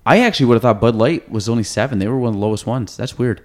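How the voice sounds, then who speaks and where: A man's voice: mid-range voice, very fast. A man hosting a podcast in casual chat, rambling and thinking aloud. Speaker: podcast host.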